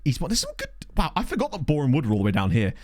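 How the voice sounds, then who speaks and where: A man giving chatty, excitable live commentary on a football management game he is playing. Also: on the high side, rapid-fire. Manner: excitable, chatty, thinks aloud. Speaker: video game streamer.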